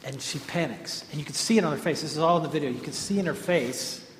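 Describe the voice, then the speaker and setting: A man gives an informal devotional talk to a group in an echoey hall with faint ambience, his voice a little high and his pace quick. He rambles through stories, often restarting and correcting himself, and a slight hiss or hum runs under the recording.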